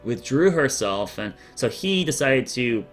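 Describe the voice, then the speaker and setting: A man running a tabletop game as dungeon master, narrating casually with many fillers. His pitch moves a lot as he rambles on. Faint music plays behind him. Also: very animated, unhurried.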